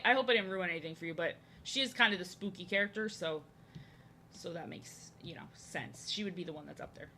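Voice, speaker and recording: Drawing while she talks, a young American woman streams to viewers in a chatty, rambling, self-deprecating way. Her lowish voice is bright and forceful, with slight background noise.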